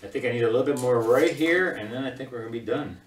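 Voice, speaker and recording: A man's voice: mid-range voice, fast, slight background noise. Chatty man teaching watercolor, echoey room. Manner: chatty, laughs often, talks while working. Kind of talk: casual live paint-along demonstration. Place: home studio.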